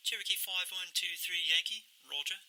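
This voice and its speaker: Brief: a man playing a crisp, clipped radio controller in a put-on British accent, with a sharp, bright tone. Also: sits high, a little fast, voice pushed up, exaggerated voice, poor audio. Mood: crisp, formal. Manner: clipped, formal radio phraseology. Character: male air traffic controller and pilot trading radio calls.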